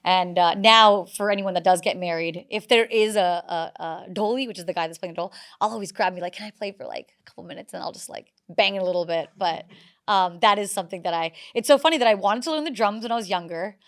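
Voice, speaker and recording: A woman in her thirties, a comedian guest on a podcast, telling stories in a lively way with many fillers. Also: medium pitch, fast. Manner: animated storyteller, many "like" fillers. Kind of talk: casual podcast interview.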